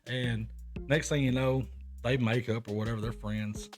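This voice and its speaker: A man's voice: medium pitch, normal speed. A young man hosting a podcast, telling rambling, profane stories in casual chat. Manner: profane, rambling anecdotes with animated quoted voices. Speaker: podcast host. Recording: music playing in the background.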